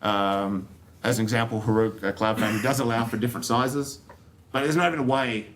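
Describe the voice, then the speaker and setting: A man's voice: medium pitch, steady tone, a little fast, a bit bright. Australian man, conference speaker, tech talk, loose and jokey, lots of fillers. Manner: joking, loose and rambling, with many fillers and restarts. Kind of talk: technical talk to an audience. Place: conference room.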